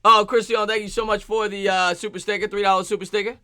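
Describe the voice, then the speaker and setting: A man hosting a live sports stream, greeting chat viewers by name in quick shout-outs. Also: high-pitched, level tone, clean tone, no echo.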